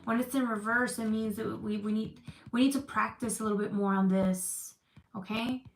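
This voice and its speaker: A woman's voice: a little high, steady tone, moderate pace. A woman giving a casual livestream tarot reading, chatty and loose with slang, answering comments from her chat. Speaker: tarot reader. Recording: echoey room with faint noise.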